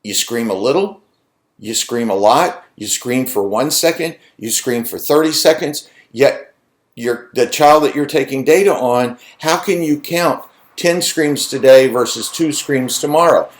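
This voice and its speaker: A man's voice: medium pitch, unhurried. A man lecturing in a conversational way, posing rhetorical questions to his students. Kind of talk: recorded lecture.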